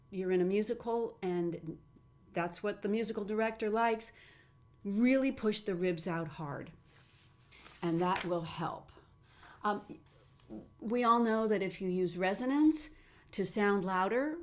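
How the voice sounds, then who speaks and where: Woman, middle-aged, voice teacher running a webinar. Animated delivery with frequent demos. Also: medium pitch. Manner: animated, demonstrates sounds with her own voice.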